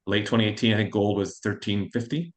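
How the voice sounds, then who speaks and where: A man in his forties, a fund manager guest, telling his career story in an interview with a quick, self-assured manner. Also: fairly low pitch. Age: 40s. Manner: fast, anecdotal and self-assured.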